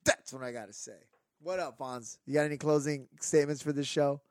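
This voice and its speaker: A man co-hosting a casual podcast, rambling through an animated rant full of fillers. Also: on the high side, fairly quick, dry recording, studio quality. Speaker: podcast co-host.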